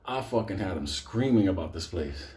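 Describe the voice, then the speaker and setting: A man's voice: low voice, lively intonation, moderate pace, darkish tone, echoey room. A man telling a wild story to a late-night audience, swearing nonstop and laughing through his own lines. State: sweating, worked up. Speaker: storyteller, stream host. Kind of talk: profane storytelling to a live audience.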